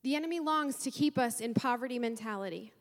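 A woman's voice: on the high side, fast talker, big-room sound. A woman pastor preaching a sermon in a church, fervent and emotional, sighing and repeating her praise. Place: church sanctuary.

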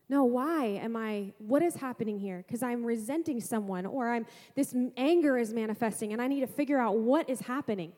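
A woman pastor preaching a sermon to a congregation, lively, asking rhetorical questions and making playful asides. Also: fairly high pitch, fairly quick, long reverb tail.

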